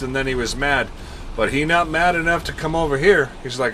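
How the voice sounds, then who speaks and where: A man with a bright, forceful voice gives casual gameplay commentary on a live stream. He chats with viewers, counts and thinks out loud, and laughs often. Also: fairly high pitch, moderate pace, slight background noise.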